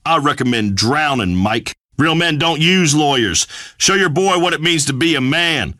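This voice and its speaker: Pompous macho redneck radio host: high, bright, lively, dry read. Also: male voice, moderate pace, no echo. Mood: blustering. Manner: blustering, pompous pronouncements. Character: brash macho redneck male radio host, middle-aged. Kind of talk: scripted radio comedy acting.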